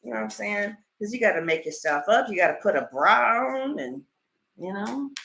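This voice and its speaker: Woman tarot reader, mid-pitched, lively and blunt, chatting casually on stream. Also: normal speed, creaky. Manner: animated storyteller, blunt and swears freely. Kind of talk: casual livestream chat and tarot reading.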